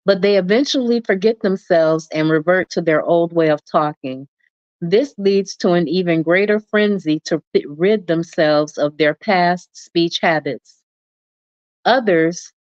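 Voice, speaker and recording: A woman reading a nonfiction book aloud in a deliberate, measured manner. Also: on the low side, dry recording. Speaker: reader. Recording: dull lo-fi dry recording.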